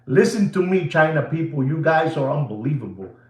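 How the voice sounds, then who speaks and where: A man's voice: on the high side, brisk. A man hosting a watch channel, ranting theatrically to his viewers and slipping into asides. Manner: excitable, theatrical, slips into Spanish asides. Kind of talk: animated rant to viewers. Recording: roomy echo.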